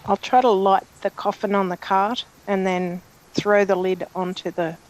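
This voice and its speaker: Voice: medium pitch, little pitch movement, normal speed, low-quality recording. A player in a tabletop game describing their character's actions.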